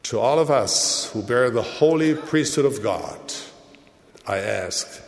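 A man giving a sermon in a measured, deliberate way, with his voice rising and falling for emphasis. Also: mid-range voice, lively intonation. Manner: slow, measured delivery with dramatic rises and drops. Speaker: church leader. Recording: long hall reverb.

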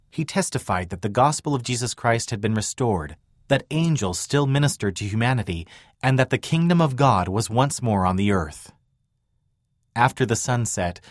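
Low-voiced male narrator, measured. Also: no room sound, clean studio sound. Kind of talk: scripted historical narration.

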